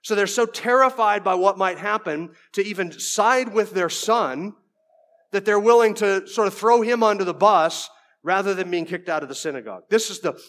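A man with a notably high speaking voice delivers an expository sermon, walking through a text verse by verse. He keeps it conversational, with folksy asides and frequent stumbles and restarts. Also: a bit bright. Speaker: preacher.

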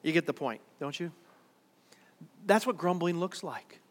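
A man's voice: on the high side, animated, unhurried, big-room sound. A man preaching a sermon in a church worship center, conversational and then emphatic. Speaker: pastor.

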